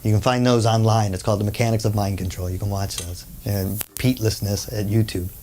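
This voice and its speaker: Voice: low-pitched, brisk, slight background noise. A workshop speaker telling an anecdote in a conversational lecture, full of asides and acted-out voices. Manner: animated storyteller who acts out the people in the story. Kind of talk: storytelling lecture.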